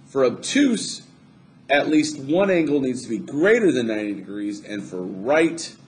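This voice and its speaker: Guy teaching math over a screen recording, upbeat and jokey, average pitch, bit of hiss. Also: big pitch swings, measured pace. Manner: upbeat, chatty, jokes to himself while drawing. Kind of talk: recorded classroom lesson.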